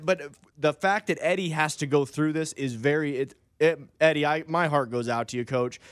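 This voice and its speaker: A man co-hosting a radio show, talking in an animated, rambling way and laughing mid-sentence. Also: a little high, normal speed, few pauses, clean tone, no room sound. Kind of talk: bantering radio talk.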